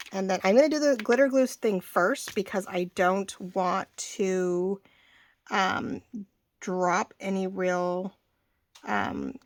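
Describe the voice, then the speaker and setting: A woman in her forties hosting a casual craft tutorial, chatty and rambling, often restarting her sentences as she works. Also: medium pitch. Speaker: craft channel host.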